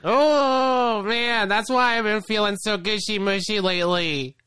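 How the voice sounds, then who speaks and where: Guy doing february as a shy, sheepish dude, kinda high, bright voice, dry sound. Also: unhurried, clear, resonant tone, no room sound. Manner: sheepish, hesitant. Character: the month of February as a bashful young man. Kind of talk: improvised comedy bit.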